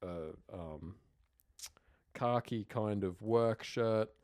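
A man's voice: on the low side, drawn-out words, darkish tone. A man with an Australian accent co-hosting a podcast in casual chat, rambling and full of fillers and restarts. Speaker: podcast co-host.

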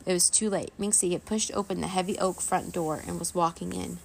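A woman reading a children's chapter book aloud as a bedtime story, in a lively, expressive way. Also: fairly low pitch, brisk, gravelly.

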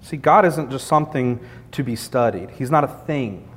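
A man's voice: expressive, normal speed. A man preaching a sermon in an earnest, conversational way, building points through repetition. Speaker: pastor. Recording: long hall reverb, faint rumble.

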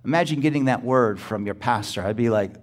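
A man's voice: mid-range voice, brisk. Emphatic preaching pastor, male. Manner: emphatic, rising to near-shouting exclamations; calls out to the congregation for response. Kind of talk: sermon.

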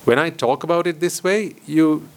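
A man's voice: a little high, normal speed. A man, a Buddhist monk, giving a dharma talk to a lay audience, often asking rhetorical questions and repeating phrases for emphasis. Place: hall with board.

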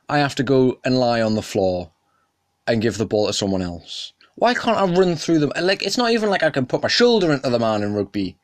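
A man's voice: dry recording, studio quality. Young man ranting on a podcast. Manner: animated, indignant ranting, jumping up in pitch and volume. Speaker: podcast host. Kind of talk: casual solo podcast rant.

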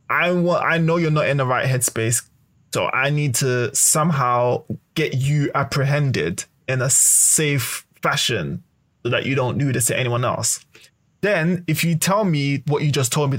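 A man in casual chat, talking through a hypothetical with lots of swearing and restarts. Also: medium pitch. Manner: animated, swearing, rambling hypotheticals.

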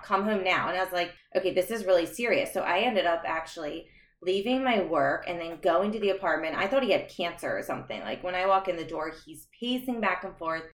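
A woman's voice: fairly low pitch, a bit bright. A young adult woman telling her own story as a podcast guest, earnest and reflective, laughing now and then between remarks. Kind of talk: candid personal storytelling. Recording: roomy echo.

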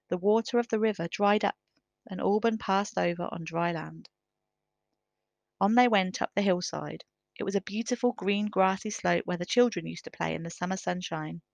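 Woman narrator, storybook reading, gravelly low voice, dry close sound. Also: no echo. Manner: measured, careful reading.

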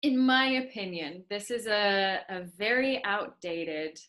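A woman's voice: medium pitch, expressive, slow pace, a bit bright. A woman working as an accent coach, explaining her views firmly in a podcast conversation. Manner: firm, opinionated explanations.

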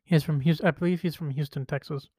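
Podcast dude rambling about wrestling, kinda high voice, super dry close mic. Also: male voice, steady tone, fast, warm tone, slightly rough, dry recording. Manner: rambling, restarts and retells quotes. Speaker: podcast host. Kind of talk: casual wrestling chat.

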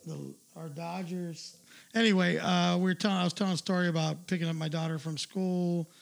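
A man's voice: high voice, steady tone, brisk, creaky. A man hosting a livestream, telling a crude story in a profane, ranting casual way. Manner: profane, ranting, loud asides. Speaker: livestream host.

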